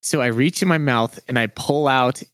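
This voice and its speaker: A man's voice: medium pitch, normal speed, a bit bright, no room sound. Chuckling man telling a story, dry mic. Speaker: podcast co-host. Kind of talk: casual storytelling.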